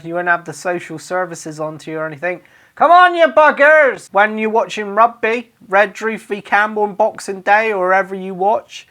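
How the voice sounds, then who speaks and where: A Cornish-accented man talks through local sayings in a jokey, off-the-cuff monologue. He is a radio DJ who keeps bursting into loud, overdone dialect phrases. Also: sits high. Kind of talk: comic monologue reading out followers' sayings.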